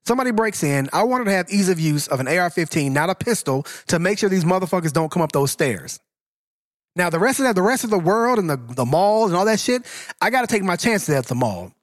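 A man's voice: sits high, very animated, quick pace, no room sound, clean studio sound. A man arguing bluntly and emphatically in a casual debate, swearing freely as he presses his point.

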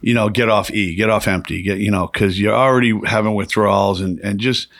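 A fairly low-voiced man, telling a rambling, profane story in casual talk. The recording is dry and close, with little room sound. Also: steady tone, a little fast, vocal fry, a bit bright, dry recording. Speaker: podcast guest.

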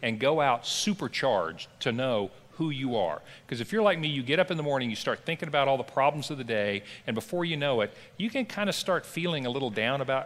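A man's voice: mid-range voice, very animated, brisk, a bit bright, long reverb tail. A middle-aged man, a pastor teaching a Bible class in a conversational, emphatic way. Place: church classroom.

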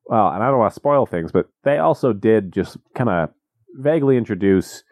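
A man recapping a movie in casual comedic chat, deadpan and jokey, slipping into silly voices. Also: lowish voice, moderate pace, no echo. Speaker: podcast co-host.

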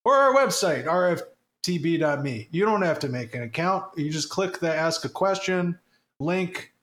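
A man's voice: fairly high pitch, lively intonation, moderate pace, fairly bright tone. A man hosting a podcast in casual chat, joking and swearing freely as he rambles. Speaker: podcast host. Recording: roomy echo.

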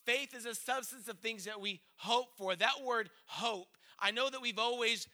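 A man's voice: very high voice, moderate pace, pushed and bright. A man preaching a conversational sermon as pastor, earnest, with frequent restarts and acted-out asides.

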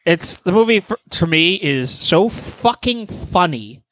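With a high-pitched voice and a measured pace, a man rambles on his podcast, cursing freely as he tells a story in an animated, casual way.

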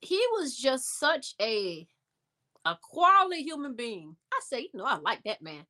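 A woman telling a story in a casual interview, animated and acting out the voices of people she quotes. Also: on the high side, measured pace. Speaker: interview guest.

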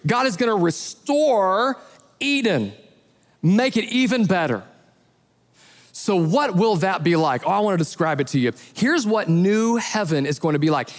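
A man who is a pastor, preaching a sermon as an animated storyteller who acts out the voices in his retellings. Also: high voice, long reverb tail.

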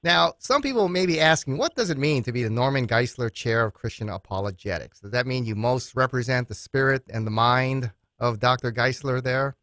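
A man's voice: mid-range voice, fairly quick, few pauses, a bit bright, dry recording, studio quality. Earnest male radio host. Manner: earnest, tells anecdotes with laughter. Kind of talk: radio interview.

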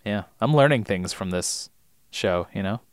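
A man's voice: lowish voice, animated, normal speed, no echo, clean studio sound. A man co-hosting a podcast in casual chat, laid-back and agreeable, laughing often. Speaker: podcast co-host. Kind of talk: casual chat about a TV show.

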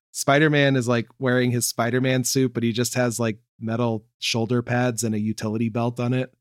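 A young man co-hosting a casual chat, laid-back and quick to laugh. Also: mid-range voice, no echo, studio quality. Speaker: podcast co-host.

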